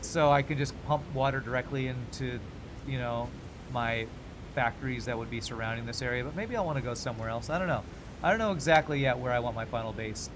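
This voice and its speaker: A young adult man streaming a game, chatting casually and thinking out loud as he plays. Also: medium pitch, background noise. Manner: chatty, thinks aloud, quick laughs. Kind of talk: casual gameplay commentary.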